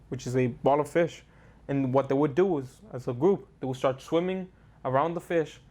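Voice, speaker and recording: A man hosting a casual explainer show, chatty and joking, often restarting his sentences. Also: medium pitch. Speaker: host.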